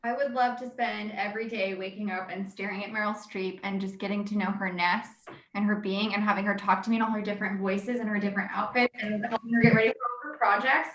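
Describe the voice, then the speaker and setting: A woman in a casual video-call chat, gushing and animated and swearing freely. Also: medium pitch, fast, few pauses, reverberant.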